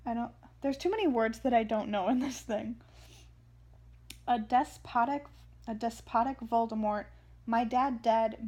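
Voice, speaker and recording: Woman reading teenage wizard boy, anxious, earnest, plain read-aloud, fairly high. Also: dark tone.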